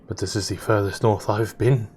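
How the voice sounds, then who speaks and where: A man's voice: fairly low pitch, steady tone, normal speed, a little mellow, slight background noise. A man narrating as game master of an online tabletop game in a laid-back, casual way.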